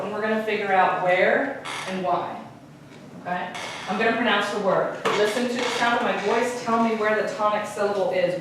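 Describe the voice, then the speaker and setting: Female teacher, mid pitch, classroom lesson, recorded from a distance in a hallish room. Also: very echoey, slight background noise. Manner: asks the class questions, repeats key points. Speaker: Spanish teacher.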